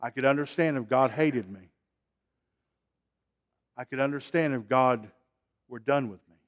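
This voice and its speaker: A man preaches in a mid-range voice, going from loud, emphatic calls to soft, drawn-out phrasing and asking the congregation to respond. The sound quality is lo-fi.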